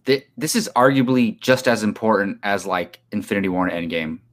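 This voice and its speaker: A man's voice: on the low side, a little fast. A man co-hosting a casual podcast chat, thoughtfully explaining his take. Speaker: podcast co-host. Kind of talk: casual pop-culture chat.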